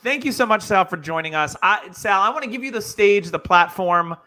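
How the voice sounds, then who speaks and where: A man's voice: high voice, expressive, fairly quick, bright, forceful tone. A man from New Hampshire with a slight New England accent, hosting a podcast in easygoing casual chat. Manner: easygoing, laughs along, analytical. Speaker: podcast host.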